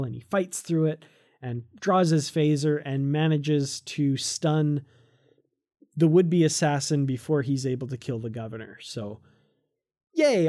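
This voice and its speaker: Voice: mid-range voice, warm tone. A podcast co-host in casual, enthusiastic chat, recapping a comic and laughing often.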